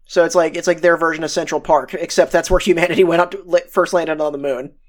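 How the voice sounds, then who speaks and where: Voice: medium pitch, fairly even intonation, fast talker. A podcast co-host in casual chat, rambling through an anime episode recap with plenty of swearing. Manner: rambling, retells scenes with swearing and laughter.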